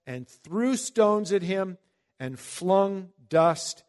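A man preaching a Bible-teaching sermon in a conversational way, reading scripture slowly and breaking into emphatic asides. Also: a little high. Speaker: pastor.

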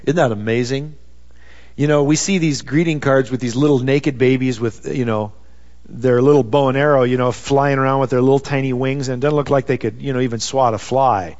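A man's voice: mid-range voice, a little fast, darkish tone. A man preaching a sermon in a conversational way, peppered with "you know.". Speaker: pastor. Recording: dull sound with long reverb.

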